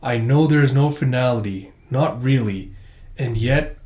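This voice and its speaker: Brash colonel hero, male, blunt, raised pitch, done by a man, roomy echo. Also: a little slow, darkish tone, natural voice. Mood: solemn.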